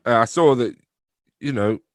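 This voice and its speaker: A man's voice: medium pitch, moderate pace. A young man from England who runs a theatre company, chatting casually as a guest, joking at his own expense and swearing loosely. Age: young adult. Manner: joking, self-deprecating, laughs often, swears casually. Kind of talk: casual interview chat.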